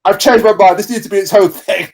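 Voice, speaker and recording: High-voiced joking man. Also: darkish tone. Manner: joking, halting with restarts. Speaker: podcast co-host. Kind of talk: casual review chat.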